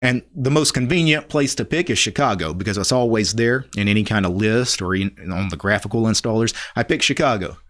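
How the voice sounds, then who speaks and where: A man's voice: on the low side, a little fast, hardly any pauses, a bit bright. A middle-aged man from Louisiana with a Louisiana accent, hosting a casual live stream, chatting loosely, laughing often and reading viewer comments aloud.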